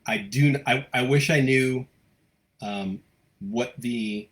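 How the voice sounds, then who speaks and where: A man's voice: medium pitch, takes it slowly, a bit bright. A man hosting a live local news stream, chatting casually and reading out viewer comments, with many fillers and restarts. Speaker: host of a local news livestream.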